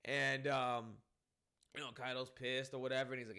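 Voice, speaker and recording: A man talks through a comic chapter in a loose, rambling review. He is animated and swears often, and he leans on fillers like "um" and "you know what I mean". His voice sits at an ordinary middle pitch. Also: moderate pace, clear, resonant tone. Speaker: manga reviewer. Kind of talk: casual spoken chapter review.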